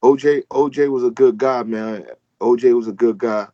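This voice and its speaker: A podcast co-host talks loosely and conversationally, packing in plenty of "um"s and "man"s. His medium-pitched voice is steady and warm at a moderate pace, recorded with no room sound but with the highs cut off.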